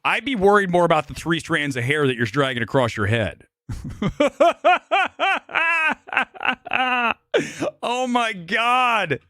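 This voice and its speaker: A man hosting a casual live movie-review stream, talking in a brash, rambling way with frequent swearing and quick laughs. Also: on the high side, very animated, bright, forceful tone, no echo, clean studio sound. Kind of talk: casual live-stream chat reading comments. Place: home studio near Los Angeles.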